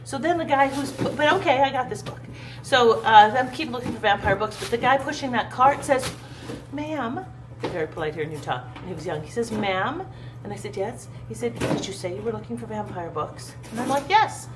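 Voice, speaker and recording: A woman's voice: fairly high pitch, expressive, fast, noisy background. A woman vlogging at home in a casual, rambling storytelling style, with lots of fillers and restarts. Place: at home, indoors.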